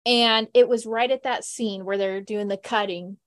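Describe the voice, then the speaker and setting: A woman's voice: mid-range voice, steady tone, normal speed. A woman hosting a podcast, telling stories in a chatty, casual way with frequent laughs. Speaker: podcast host. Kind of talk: casual chat.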